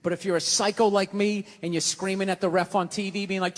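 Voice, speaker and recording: A man's voice: sits high, level tone, fairly quick. A man doing a stand-up routine on stage, ranting in a profane, exasperated way. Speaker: stand-up comedian. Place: large live venue. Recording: live hall with audience.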